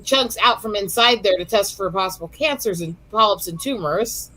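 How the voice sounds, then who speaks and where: A woman's voice: mid-range voice, normal speed, pushed and bright, rough recording. A woman co-hosting a casual chat stream, outspoken and frank as she talks openly about personal matters. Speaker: stream co-host.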